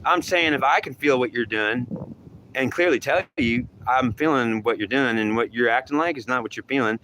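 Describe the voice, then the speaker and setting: A man rants at a medium pitch in a heated, repetitive monologue, circling back over the same points again and again. Clear vehicle noise runs underneath his voice the whole time. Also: moderate pace. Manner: ranting, repetitive, acts out both sides of an argument.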